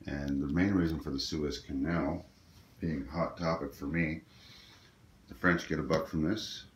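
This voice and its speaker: A man casually talking through his moves in a tabletop strategy game, explaining as he goes with plenty of ums and uhs. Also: a bass voice. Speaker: board game player. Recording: echoey room with faint noise.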